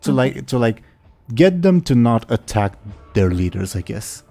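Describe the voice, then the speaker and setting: A young man narrating a tabletop game as game master, casual and halting with many fillers. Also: medium pitch, big pitch swings, gravelly, warm tone.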